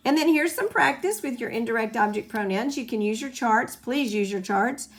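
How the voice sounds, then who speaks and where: A patient woman teacher talks through a grammar lesson in a slightly high voice. She repeats the key points to make them stick. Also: animated, moderate pace. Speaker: Spanish teacher. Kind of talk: recorded classroom lesson.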